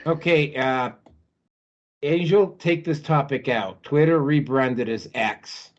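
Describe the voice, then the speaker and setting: A man hosting an online call discussion, briskly moving from topic to topic. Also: medium pitch. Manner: brisk, keeps things moving. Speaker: host moderating topics. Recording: dull call audio.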